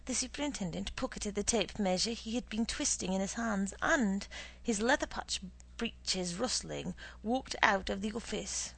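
A woman narrating a story in a measured, expressive reading. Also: mid-range voice, creaky, poor audio. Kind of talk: audiobook narration.

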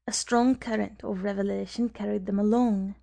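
A woman narrating a story in a measured, soft-spoken way, at times nearly whispering. Her voice is dark and mellow with a gravelly fry, pitched at a middle level. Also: steady tone. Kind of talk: audiobook narration.

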